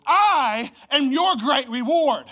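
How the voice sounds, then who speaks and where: A pastor preaching a Christmas sermon, swinging from loud, emphatic exclamations to low, hushed delivery. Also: lively intonation, slow. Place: church service.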